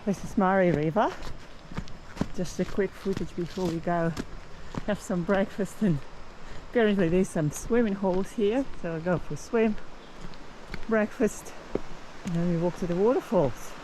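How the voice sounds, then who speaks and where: A woman's voice: lowish voice, normal speed, pauses often. A middle-aged Australian woman, a mother filming her family's camping trip, talking in a playful, teasing way by a river. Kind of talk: casual travel vlog chat. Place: outdoor campsite by a river. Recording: noisy outdoor phone recording.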